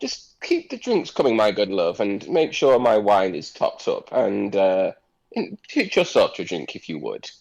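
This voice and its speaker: A man's voice: fairly low pitch, wildly swooping pitch, measured pace, creaky, a little mellow, lo-fi sound, full character voice. A man voicing a pompous, flirtatious nobleman who talks in flowery, overly polite phrases. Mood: smarmy.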